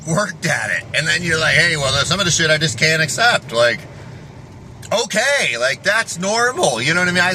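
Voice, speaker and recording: Dude ranting into the camera, cussing a lot, bright edgy voice, faint hiss behind. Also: male voice, fairly high pitch. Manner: profane, restless, self-interrupting. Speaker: fitness vlogger. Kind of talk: rambling casual monologue.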